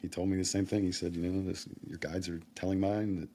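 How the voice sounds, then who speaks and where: A middle-aged man telling personal stories in a rambling, excitable way, with laughs breaking into his phrases. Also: deep voice, quick pace. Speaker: vlogger. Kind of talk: personal storytelling monologue.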